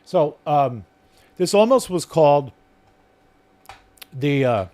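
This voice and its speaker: A man hosting a live podcast stream outdoors at night, talking casually in a rambling way full of fillers, his voice a bit hoarse. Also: fairly high pitch, animated, slow, mellow. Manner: rambling, filler-heavy talk. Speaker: podcast host.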